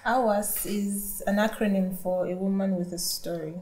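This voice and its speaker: Woman from Nigeria, talk show guest, calm, warm mellow voice. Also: mid-range voice, normal speed, rough recording. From Delta State, Nigeria.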